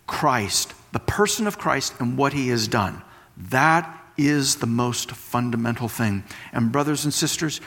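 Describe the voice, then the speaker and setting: A man's voice: medium pitch, fairly bright tone. A married man preaching a sermon, teaching through everyday comparisons and repeating key phrases for emphasis. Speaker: pastor. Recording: long hall reverb.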